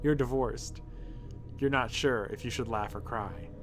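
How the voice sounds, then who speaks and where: A man voicing a blunt, nosy female barista in a text adventure game, brisk and matter-of-fact. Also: medium pitch, fairly even intonation, soft background music, lightly acted.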